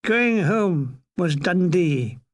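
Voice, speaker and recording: An older man reading a comic memoir aloud with dry, deadpan wit. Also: high-pitched, extremely slow. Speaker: narrator.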